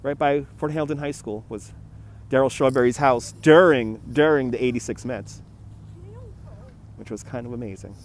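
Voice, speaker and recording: A man's voice: mid-range voice, normal speed, long pauses. A man in his forties from New York hosts a live walking-tour stream, chatting casually and greeting viewers by name, recorded outdoors on a phone with traffic behind him. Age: 40s. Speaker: livestream walking-tour host. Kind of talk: casual livestream chat reading viewer comments. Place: outdoors by a city harbor. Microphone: phone on handheld gimbal.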